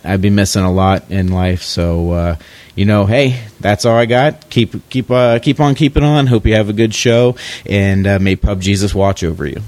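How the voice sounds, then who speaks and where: Low-voiced man joking about nachos. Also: a little mellow, no room sound. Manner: joking, opinionated, with many fillers. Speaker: podcast caller. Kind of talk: casual recorded call-in message.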